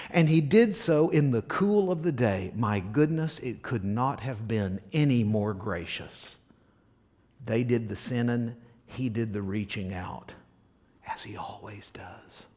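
A male pastor with a mid-range voice preaches a sermon, putting questions to the congregation and swinging between loud emphasis and hushed near-whispers.

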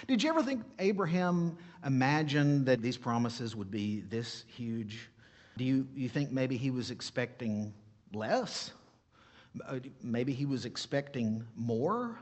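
A man's voice: mid-range voice, slow pace. A man with a foreign accent preaching a sermon. He keeps asking his listeners questions and then answering them himself. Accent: non-native English. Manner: animated, asks the congregation questions and answers them.

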